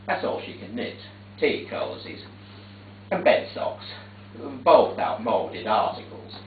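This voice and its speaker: A man performing a theatrical monologue on stage, telling the story in a fussy, prim, deadpan way. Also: fairly low pitch, slow, a little hiss or hum. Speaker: stage actor. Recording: echoey theatre, distant tinny capture.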